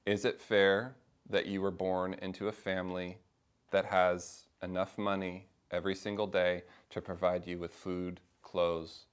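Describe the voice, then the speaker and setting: His voice is low and smooth, and he keeps a measured pace. A middle-aged leader of a faith class, he addresses a small group conversationally and animatedly, acting out quoted speakers.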